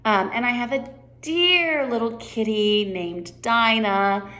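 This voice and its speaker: A woman's voice: fairly high pitch, slow, bright, forceful tone. Woman reading as polite dreamy young Alice. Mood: gentle.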